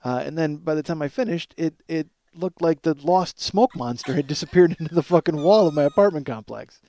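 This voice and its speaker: A man's voice: fairly high pitch, expressive, fairly quick, warm tone, no room sound. A man hosting his own podcast, rambling and mocking himself, tired and yawning, swearing a lot. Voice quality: profane, self-mocking, frequent restarts and yawns. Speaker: podcast host. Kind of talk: rambling self-deprecating podcast monologue.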